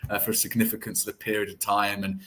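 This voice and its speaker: Low-voiced earnest male podcast guest. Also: level tone, quick pace, sharp tone. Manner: earnest, restarts phrases with frequent "sort of". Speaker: guest, deputy editor of a football site. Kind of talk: podcast interview answers.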